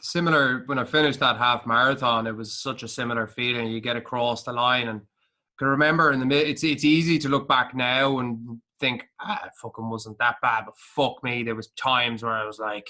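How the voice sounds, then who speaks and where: Co-hosting a laid-back podcast, this man from Ireland speaks in a sharp mid-range voice at a moderate pace with fairly even intonation. His talk is blunt, intense and motivational, and heavily laced with swearing.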